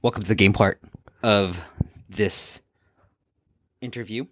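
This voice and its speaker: A man's voice: on the low side, steady tone, slow, no echo, clean studio sound. A man hosting a podcast, telling a family story in a playful way and laughing easily. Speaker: podcast host. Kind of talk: casual podcast chat.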